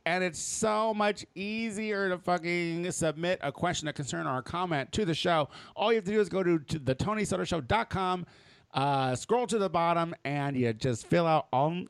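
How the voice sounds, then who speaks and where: A man's voice: a little high, a bit bright, smooth, no room sound. A man from the United States hosting a casual podcast chat, loose and talkative with lots of fillers and restarts. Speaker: podcast host.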